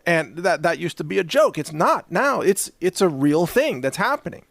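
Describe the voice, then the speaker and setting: Animated, mocking male commentary host. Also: sits high, normal speed, gravelly, dry recording, clean studio sound. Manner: sarcastic, mocking, acts out quoted voices. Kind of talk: opinion commentary monologue.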